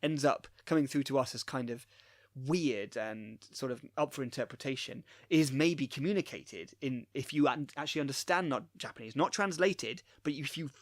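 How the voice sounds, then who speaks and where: A man's voice: mid-range voice, moderate pace, dry recording, clean studio sound. A man co-hosting a casual chat about anime, explaining his views at length in long, thoughtful sentences. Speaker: podcast co-host.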